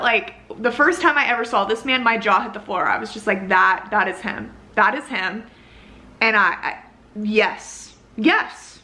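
A woman with a bright, fairly high voice rambles to her camera in a casual book vlog. She gushes and gets carried away, dropping the occasional curse word as she chats. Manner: rambling, gushing, excitable; swears casually. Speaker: book vlogger. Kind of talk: casual reading vlog chat.

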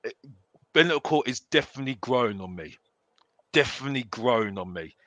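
A man's voice: medium pitch, expressive, fairly quick, a bit bright, no room sound. A man chatting casually as a fan panelist, rambling with many restarts and repeated phrases.

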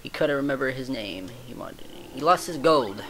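A man commentating a video game in a lively, swinging voice, often frustrated and bursting into curses. Faint game music plays behind him. His pitch sits in the middle, and he jumps between muttering and yelling. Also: moderate pace. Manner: frustrated, swearing outbursts. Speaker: let's play commentator. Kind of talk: gaming commentary.

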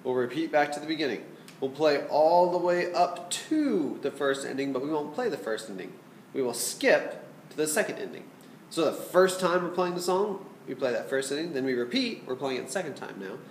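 Man, flute teacher, patient, explanatory, slightly high voice, roomy echo. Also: expressive, normal speed, slight background noise. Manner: patient, explanatory, checks in with "okay?". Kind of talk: music lesson instruction.

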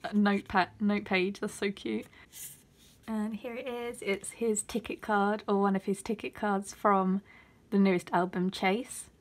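A woman talking through her mail in a casual unboxing vlog. She gets excitable and gushes, often gasping and squealing. Her voice sits at an ordinary middle pitch for a woman. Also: unhurried. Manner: excitable and gushing, with gasps and squeals. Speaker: vlogger.

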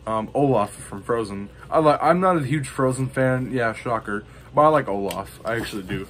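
A man's voice: mid-range voice, lively intonation, moderate pace, fairly bright tone, slight background noise. A man casually showing off his collection to the camera, rambling with lots of ums and you-knows. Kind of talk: casual show-and-tell.

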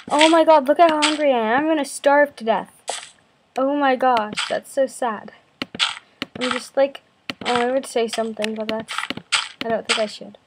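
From her bedroom at home, a young woman hosts a gaming video, chatting in a self-deprecating, jumpy way over her gameplay in casual commentary and coughing slightly from a cold. Her voice is fairly high, and there's background noise.

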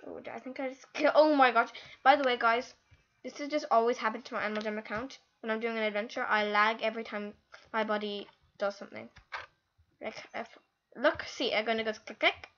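A high-pitched, bright female voice chattering through a game session, exclaiming and groaning as things go wrong. The recording is dull and lo-fi, with faint hiss and keyboard clicks behind her. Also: fairly quick. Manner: excitable, exclaiming, easily frustrated. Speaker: gaming channel host. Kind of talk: live gameplay commentary.

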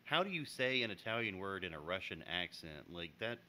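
Low-voiced American man, animated chatter. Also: normal speed, slight background noise. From United States. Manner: animated, laughing, acts out customers in voices. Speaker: podcast co-host. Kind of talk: casual chat.

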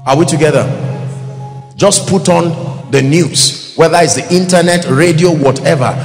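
With a somewhat high voice at normal speed, a man with a Nigerian accent delivers an emphatic, rhythmic sermon in a big church hall. He asks the congregation to answer back and now and then bursts into song, amid echo and background music.

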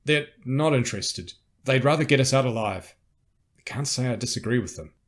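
A man voicing a weary middle-aged rebel captain, gruff and resigned but commanding, in an audiobook. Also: mid-range voice, expressive, moderate pace, voice pushed up, close to an everyday voice.

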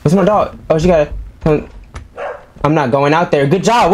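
A man's voice: high voice, moderate pace, pauses often, darkish tone, a little hiss or hum. A man who is a gaming YouTuber gives jumpy, exclaiming commentary full of casual slang while playing a horror game.

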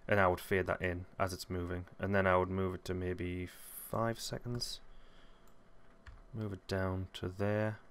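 A man hosting a casual software tutorial, rambling and correcting himself as he thinks aloud. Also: low-pitched, flat delivery, measured pace, clear, resonant tone. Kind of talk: casual screen-recorded tutorial.

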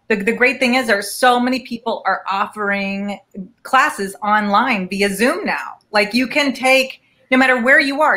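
A woman's voice: medium pitch, bright, forceful tone. A woman casting director on a video call, giving earnest and emphatic advice in an upbeat way. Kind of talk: video call interview answers.

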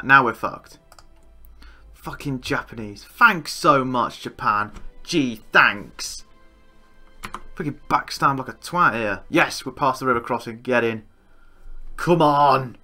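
A man commentating a strategy game he is playing, excitable and swearing, with outbursts of disbelief. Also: mid-range voice, unhurried, long pauses, faint music behind. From England. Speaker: gaming YouTuber. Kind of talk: Let's Play commentary.

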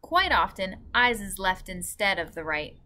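A woman's voice: mid-range voice, very animated, measured pace, sharp tone. Woman doing a big friendly giant with muddled words. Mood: earnest. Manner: jumbled words and grammar, earnest. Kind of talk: children's book read-aloud.

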